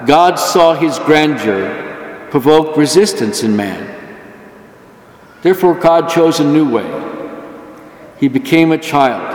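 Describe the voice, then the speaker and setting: A man preaching a homily at Mass, earnest and emphatic, lifting his voice when he gives the words of God. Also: medium pitch. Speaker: priest. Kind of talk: sermon. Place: church. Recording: echoey church hall.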